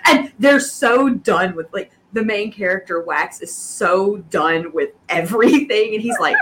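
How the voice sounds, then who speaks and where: Co-host: woman in her thirties or forties, lively storyteller, mid pitch, faint noise under the recording. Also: measured pace, few pauses. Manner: lively storyteller who laughs often. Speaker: podcast co-host. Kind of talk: casual podcast chat.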